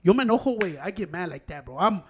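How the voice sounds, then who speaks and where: High-voiced man, profane and rambling. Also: lively intonation, racing, slight background noise. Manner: profane, rambling, mixing Spanish and English. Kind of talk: casual chat.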